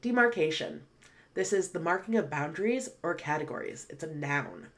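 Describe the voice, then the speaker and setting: Low-pitched woman, patient online English teacher, clear unhurried explanations. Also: lively intonation. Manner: clear, patient explaining with slow read-aloud examples. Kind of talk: online vocabulary lesson.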